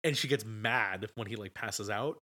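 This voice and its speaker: A man's voice: on the low side, normal speed. Rambling male film podcast co-host. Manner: rambling, animated retelling with restarts. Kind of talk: casual film review chat.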